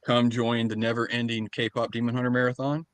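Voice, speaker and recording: A man's voice: mid-range voice, level tone, brisk, no room sound. A man co-hosting a casual chat podcast with dry, self-deprecating humor. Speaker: podcast co-host.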